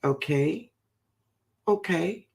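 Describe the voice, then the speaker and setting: A woman greets her livestream viewers one by one, calling them baby and honey. She talks at an easy, unhurried pace. Her voice has a gravelly, fry-tinged edge. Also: fairly low pitch, lively intonation, darkish tone. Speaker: host of a gardening livestream.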